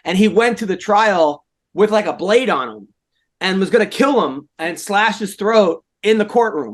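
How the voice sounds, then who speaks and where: A man co-hosting a fight podcast, chatting casually and rambling, getting loud when doing bits. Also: high-pitched. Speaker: podcast host. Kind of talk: casual chat.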